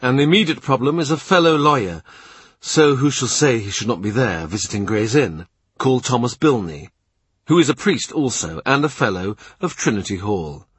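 Audiobook narrator, man: husky, mid-pitched, calm and measured. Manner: measured, quiet, present-tense reading. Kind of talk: scripted literary narration.

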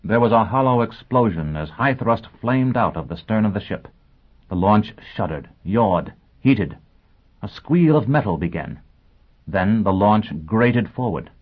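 A man narrating an audiobook in a measured, dramatic reading. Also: fairly low pitch, slightly rough. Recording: tinny phone-like sound.

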